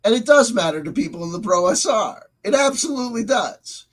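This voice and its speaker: A man's voice: high-pitched, expressive, brisk, poor audio. A man hosting a livestream, giving meandering commentary and answering chat, often restarting and repeating his words. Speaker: channel host reading live chat.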